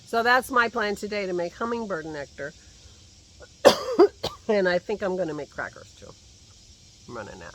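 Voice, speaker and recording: Holding his phone at arm's length outdoors in the garden, a male vlogger rambles in a casual chat, laughing to himself and coughing slightly now and then. His high voice sounds pushed and bright, with lively intonation, a moderate pace, and frequent pauses, over slight background noise.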